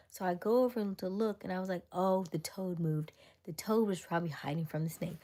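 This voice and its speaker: A woman from Florida hosting a livestream, telling a story in a chatty, animated way, jumping into high squeals when she quotes people. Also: fast. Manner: chatty with frequent fillers and restarts. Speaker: livestream host.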